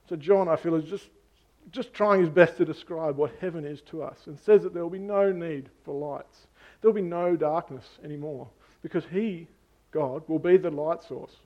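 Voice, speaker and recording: A man preaching an Easter sermon in an earnest way, slowing down to read scripture passages. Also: fairly high pitch, muffled recording. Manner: earnest, reads scripture slowly.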